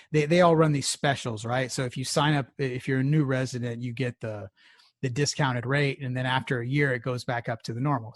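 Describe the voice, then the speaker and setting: Casual male podcast co-host, from Houston, rambling and swearing through stories, mid pitch, dry close mic. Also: dry recording. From Houston area. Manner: rambling, profane storytelling with laughs.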